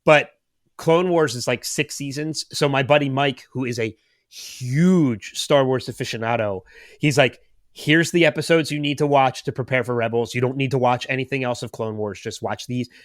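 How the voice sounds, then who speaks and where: A man's voice: mid-range voice, normal speed, no echo. Man, late thirties, podcast host, rambling storyteller, dry close sound. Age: 30s. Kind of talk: casual chat.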